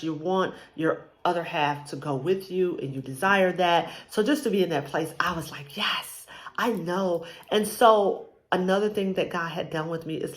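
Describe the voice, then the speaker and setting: A married woman sharing a personal faith testimony in a casual, rambling way, with frequent ums. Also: lowish voice. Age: adult, married with a child. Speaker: vlogger sharing a faith journey.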